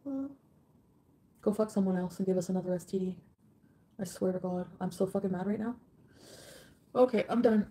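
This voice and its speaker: A woman's voice: medium pitch, moderate pace, pauses often, warm tone, breathy edge. A woman live streaming, reading out viewer comments in an emotional way and swearing often.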